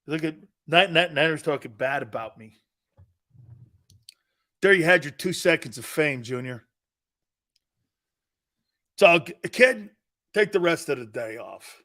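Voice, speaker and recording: A man's voice: on the high side, slow, long pauses. A man hosting a live sports talk show, teasing viewers and laughing often as he reads their comments. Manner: animated, teasing, laughs often, mock apologies.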